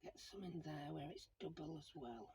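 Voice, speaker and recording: A woman's voice: deep voice, expressive, normal speed, dark tone, slight background noise, rough recording. A middle-aged woman, chatting to herself as she works on a craft project and explains each step. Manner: chatty, self-talking while working. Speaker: crafting channel host. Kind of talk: casual crafting commentary.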